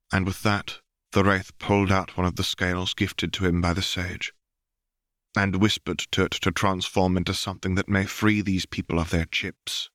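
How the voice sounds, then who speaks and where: A man narrates a story in a low, deep voice, steady and even. The recording is close and dry, with no room sound. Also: moderate pace, no room sound. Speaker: audiobook reader. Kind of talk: fanfiction audiobook narration.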